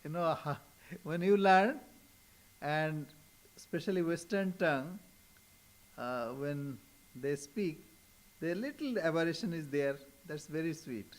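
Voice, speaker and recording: An older man with an Indian accent, a swami answering questions in a gentle, unhurried talk with frequent soft chuckles. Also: on the high side, animated. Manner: slow, gentle, chuckling often. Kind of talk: informal spiritual talk with questions.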